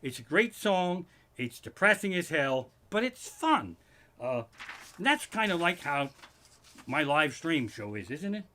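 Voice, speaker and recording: Bright-voiced man riffing on a live stream. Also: a little high, sing-song, a little slow, slight background noise. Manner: rambling, swearing, restarts and asides. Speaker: stand-up comic streaming live. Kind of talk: casual profane comedy monologue. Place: living room. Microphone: live stream microphone.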